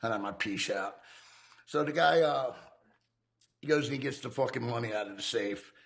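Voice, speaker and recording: A man's voice: medium pitch, moderate pace, gravelly, a bit bright. A man candidly telling his life of crime in profane, streetwise talk. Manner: profane, streetwise, acts out quoted voices. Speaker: former criminal telling his life story.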